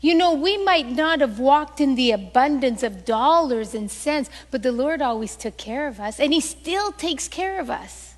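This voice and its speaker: A woman's voice: sits high, lively intonation, moderate pace, few pauses, in a large hall. A woman pastor preaching a sermon, telling stories animatedly and acting out the voices she quotes.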